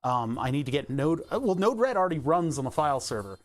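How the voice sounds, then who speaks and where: A man's voice: fairly high pitch, big pitch swings, quick pace. A man streaming live, chatting casually and thinking aloud as he pedals an exercise bike, laughing often. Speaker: Twitch streamer.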